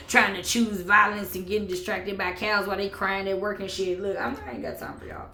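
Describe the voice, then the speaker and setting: Sassy tarot-reading woman, gravelly voice. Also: mid-range voice, a little fast, hardly any pauses, reverberant. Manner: sassy, sarcastic, swearing, animated bursts of laughter. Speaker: tarot reader.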